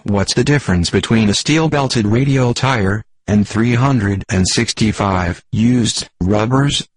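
A synthetic male text-to-speech voice, lowish and husky, plays a stiff, deadpan sports computer in a radio comedy bit. It reads jokes a little slowly in stilted, formal phrasing.

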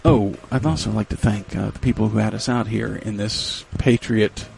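A man's voice: fairly low pitch, steady tone, moderate pace, vocal fry, a little mellow, faint music behind. A man hosting a casual radio show, chatting in a playful, joking way. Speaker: radio host.

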